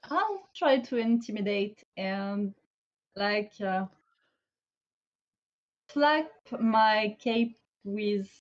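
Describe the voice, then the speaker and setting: A woman's voice: mid-range voice, expressive, drawn-out words, long pauses. A woman playing a tabletop game, speaking hesitantly with trailing phrases. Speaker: player. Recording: dull lo-fi.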